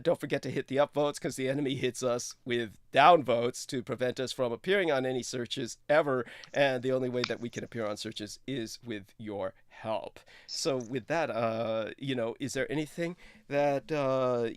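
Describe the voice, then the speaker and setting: A man in his thirties hosting a casual livestream, effusive and full of hesitant fillers, with sudden high exclamations. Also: clear, resonant tone, no room sound, clean studio sound. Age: 30s. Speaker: show host.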